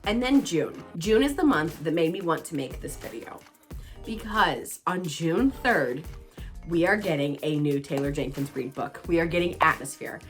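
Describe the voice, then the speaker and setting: Bubbly woman chatting, pitch swinging widely. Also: moderate pace, soft background music. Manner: bubbly, excitable, self-teasing. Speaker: book vlogger. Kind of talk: casual chatty book talk.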